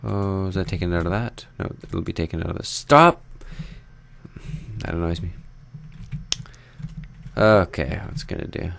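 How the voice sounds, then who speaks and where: A low, creaky voice at normal speed, fairly bright in tone, belongs to a young man who pauses often; a little hiss or hum sits in the recording. He's a Minecraft let's play host, rambling over his gameplay, joking about himself and chatting to viewers as he builds.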